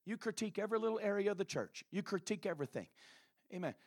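A man preaching a fervent sermon, dropping many "uh" fillers as he builds toward shouting. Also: high-pitched, expressive, rapid-fire. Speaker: pastor.

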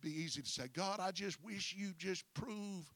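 A man preaching a sermon as pastor, folksy and breaking his phrases with "uh", swinging from quiet storytelling to shouted preaching. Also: high voice, moderate pace, no room sound.

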